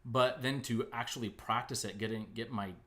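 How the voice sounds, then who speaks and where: A man hosting a casual live-streamed chat, animated and chatty, with many fillers. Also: mid-range voice, moderate pace. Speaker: podcast host, improv actor. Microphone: booth microphone.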